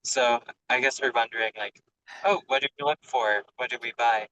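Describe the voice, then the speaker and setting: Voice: mid-range voice, fairly even intonation, moderate pace, fairly bright tone, slight background noise, poor audio. A person asking a question on a group video call, hesitant and full of fillers. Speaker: group member.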